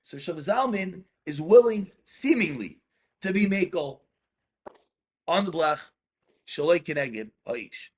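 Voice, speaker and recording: Excitable rabbi with a high voice. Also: male voice, takes it slowly, long pauses, breathy edge. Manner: reads Hebrew texts aloud and explains them, asks students questions. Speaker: rabbi teaching Jewish law. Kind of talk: in-depth study class.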